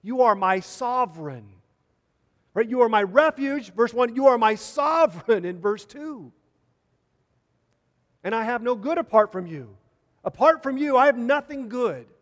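High-pitched guy preaching, earnest, lots of repeating, echoey hall. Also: expressive, unhurried, pauses often. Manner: earnest, repeats phrases for emphasis. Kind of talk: sermon.

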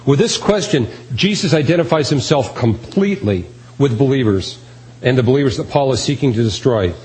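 A man's voice: mid-range voice, animated, a little fast, a little mellow, a little hiss or hum, rough recording. A man preaching a sermon, earnest and emphatic, repeating key phrases. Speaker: pastor.

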